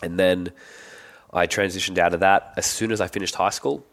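An Australian man in his thirties, a guest telling relaxed stories in casual conversation. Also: sits low, moderate pace. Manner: relaxed, animated when quoting others. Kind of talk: casual storytelling.

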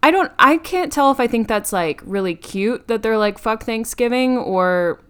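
A woman's voice: medium pitch, expressive, moderate pace, fairly bright tone, clean tone. A young woman co-hosting a podcast, casually recapping a movie's plot with frequent ums and restarts. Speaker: podcast co-host.

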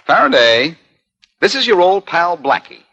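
Boston Blackie, a wisecracking hero. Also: male voice, high-pitched, big pitch swings, unhurried, sharp tone, heavily acted. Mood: cocky. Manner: wry, breezy wisecracks. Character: wisecracking reformed male crook hero, cool and cocky. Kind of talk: 1940s radio acting. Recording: muffled old radio recording.

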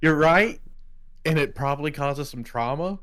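A male co-host who talks in an animated way and acts out what other people said. His pitch sits a bit high and swings widely. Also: moderate pace. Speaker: podcast co-host. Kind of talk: casual chat.

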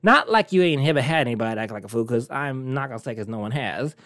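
A brash, teasing talk show host chatting casually to the audience. The pitch leaps and swoops all over in an animated way. The sound is dry and close, with no room around it. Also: fast, dry recording. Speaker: podcast host. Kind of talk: casual solo chat.

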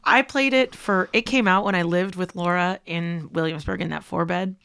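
Female guest, low-ish gravelly voice, giggly casual talker. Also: normal speed, fairly bright tone, no echo, clean studio sound. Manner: chatty and giggly, with many likes and restarts. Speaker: podcast guest. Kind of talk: casual chat.

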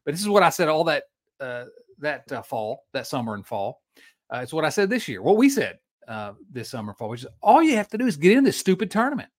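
A man's voice: on the high side, quick pace. A man co-hosting a podcast, ranting in casual sports chat, stopping and restarting his sentences. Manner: animated, ranting, with frequent restarts. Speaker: podcast co-host.

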